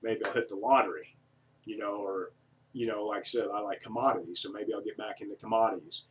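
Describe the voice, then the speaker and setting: A man's voice: on the low side, steady tone, brisk, slight background noise. A man vlogging in a casual, digressive monologue, folksy and full of fillers. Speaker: vlogger reviewing an online business offer. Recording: voice from a distance from the mic.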